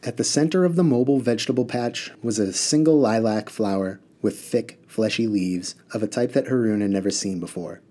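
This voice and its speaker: A man reading a children's novel aloud in a steady storytelling manner. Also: lowish voice, brisk, few pauses. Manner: steady storytelling, casual asides. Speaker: reader.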